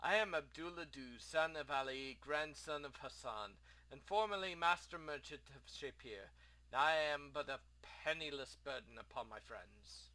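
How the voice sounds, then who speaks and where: A man's voice: a little high, animated, moderate pace, bright, forceful tone, low-quality recording. A man doing a mournful exiled merchant. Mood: lamenting. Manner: lamenting, melodramatic. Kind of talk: reading game dialogue aloud.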